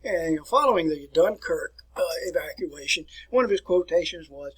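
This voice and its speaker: Man, history teacher, classroom lecture, folksy, wanders off topic, bright sharp tone, slightly higher pitch. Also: animated, moderate pace, few pauses, slightly rough, low-quality recording. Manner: folksy and digressive, addresses students as folks.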